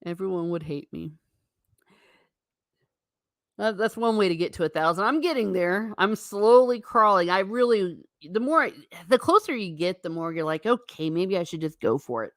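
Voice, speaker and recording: A woman's voice: medium pitch, animated, normal speed, few pauses, no echo, studio quality. A woman hosting a live stream, chatting casually and reading viewer comments aloud with frequent laughs. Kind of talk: casual chat. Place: home.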